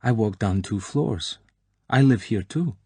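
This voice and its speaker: A man's voice: on the low side, expressive, measured pace, a little mellow, husky, no echo, exaggerated voice. A man voicing a teasing, shy young Russian woman with a slight Russian accent, in an audiobook reading. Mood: coy teasing. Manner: coy, playful, prim.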